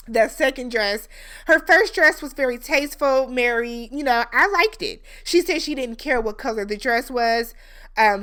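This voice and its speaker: A woman's voice: on the high side, fairly bright tone. A woman hosting a reality TV recap, talking in a chatty, opinionated way with lots of fillers. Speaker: recap show host. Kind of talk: casual TV recap commentary.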